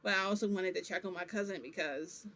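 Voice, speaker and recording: A woman's voice: fairly low pitch, quick pace, a bit bright. A woman vlogger telling a personal story in a casual, rambling way, full of fillers and asides. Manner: rambling, chatty, many fillers.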